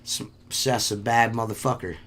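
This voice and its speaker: A young adult man with a lowish voice hosts a casual podcast chat at a moderate pace, spinning animated stories full of heavy swearing and frequent laughs. Background noise runs underneath.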